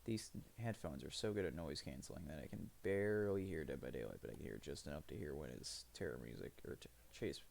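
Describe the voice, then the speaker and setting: A man's voice: rumbling low, expressive, quick pace, vocal fry, few pauses, darkish tone. A man streaming live, rambling through profane, self-mocking commentary as he plays.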